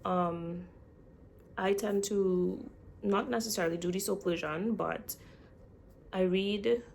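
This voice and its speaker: A woman's voice: mid-range voice, steady tone, slow, creaky, darkish tone, a little hiss or hum. A young woman vlogging in a casual, chatty way, speaking straight to her viewers. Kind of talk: casual chat.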